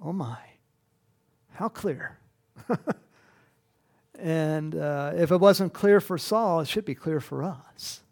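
Preacher guy giving a sermon, high gravelly voice, chuckles a lot, keeps asking the crowd questions. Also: takes it slowly, long pauses. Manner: animated, with frequent chuckles and rhetorical questions. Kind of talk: sermon with scripture reading.

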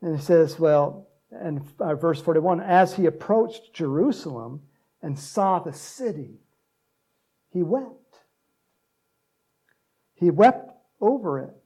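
A man preaching a sermon, joking with the congregation and breaking into loud shouts to act out cheering crowds. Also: on the high side, expressive, slow pace, long pauses. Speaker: pastor.

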